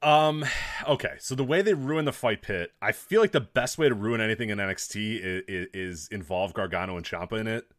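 A man's voice: lowish voice, brisk, no echo, clean studio sound. A man co-hosting a casual wrestling podcast in a laid-back way, swearing casually and laughing often. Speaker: podcast co-host.

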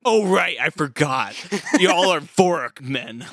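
A man's voice: fairly high pitch, expressive, measured pace, a bit bright, no echo. A man playing a tabletop game, stubborn and laughing in character. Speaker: player. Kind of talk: tabletop role-play.

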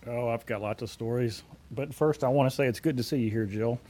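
A man in his forties, a company CEO, being interviewed and telling anecdotes in a relaxed way with frequent fillers. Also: mid-range voice, fairly quick. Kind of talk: conversational storytelling.

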